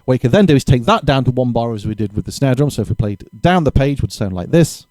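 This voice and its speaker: A man's voice: medium pitch, animated, fast talker, background noise. A man giving a casual drum lesson, thinking aloud and correcting himself as he explains exercises. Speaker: drum teacher.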